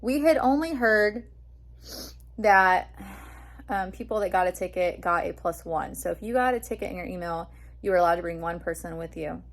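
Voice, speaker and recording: A young woman vlogging, telling an excited story in a chatty way with lots of fillers. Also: on the low side, normal speed. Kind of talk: casual storytelling vlog.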